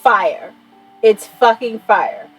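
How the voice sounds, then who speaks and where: A woman's voice: a little high, animated, very slow, fairly bright tone, slightly rough, soft background music, low-quality recording. A woman in her thirties rambling in a casual vlog chat, enthusiastic and swearing freely. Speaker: vlogger.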